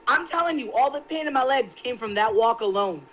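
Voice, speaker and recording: A woman chatting as a guest on a fan talk show, animated and slangy as she vents her gripes. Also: fairly high pitch, fairly quick, lo-fi sound. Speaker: panel guest. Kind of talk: casual chat.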